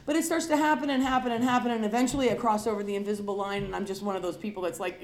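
A woman's voice: medium pitch, steady tone, very fast, hardly any pauses, roomy sound. A woman sharing her own story of alcoholism and recovery with an audience, candid and confessional, emphatic and dramatic as she acts out her past self. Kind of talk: personal recovery talk to an audience.

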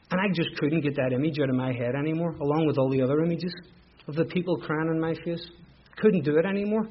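A man's voice: on the high side, husky. Belfast man, candid testimony. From Northern Ireland. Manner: candid, emotional storytelling with repetitions. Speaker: speaker sharing his recovery story. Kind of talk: personal testimony. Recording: dull lo-fi recording.

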